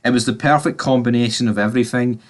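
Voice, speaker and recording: A man talks fast in a medium-pitched, fairly even voice, rambling through a casual movie review vlog. He addresses his viewers directly and swears now and then.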